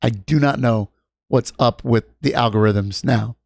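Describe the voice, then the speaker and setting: A man's voice: mid-range voice, measured pace, creaky, darkish tone, dry recording, clean studio sound. A man hosting a stream, giving casual commentary in a rambling, profane, hesitant way. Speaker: streamer host.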